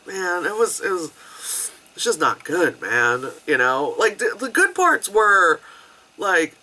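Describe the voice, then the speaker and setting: A film reviewer in their thirties rants casually about movies, chatty and swearing, full of fillers and bits of mock voices. The voice is mid-range and sing-song, slow-paced, pushed and bright.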